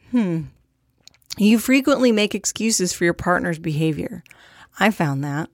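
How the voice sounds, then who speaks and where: A woman's voice: lowish voice, expressive, unhurried, no echo, clean studio sound. A young woman hosting a podcast in a casual monologue, candid and profane, with a self-deprecating streak. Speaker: podcast host.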